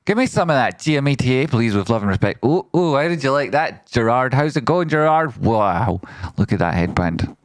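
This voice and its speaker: Excitable man hosting a stream. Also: mid-range voice, no room sound, studio quality. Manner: excitable, jokey, rapid shout-outs with playful exclamations. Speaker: trading livestream host. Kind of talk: lively livestream chat, reading out members and donations.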